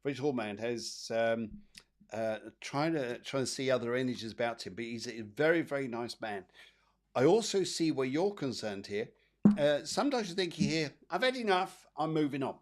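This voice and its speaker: A man's voice: mid-range voice, lively intonation, moderate pace. A man hosting a live psychic show, reading cards for viewers in a rambling, chatty way with many repeats and fillers. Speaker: psychic medium host.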